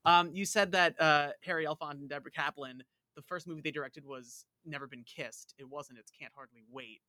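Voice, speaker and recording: Long Island accent, man, animated, nitpicky, dry close sound, bright, slightly high. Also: fairly quick, no room sound. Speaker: actor guest. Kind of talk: casual chat.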